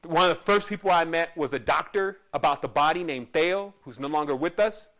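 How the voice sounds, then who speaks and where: High-voiced man rambling through a story. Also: brisk, a bit bright. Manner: rambling, with frequent restarts and asides. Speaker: spiritual teacher. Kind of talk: casual storytelling monologue.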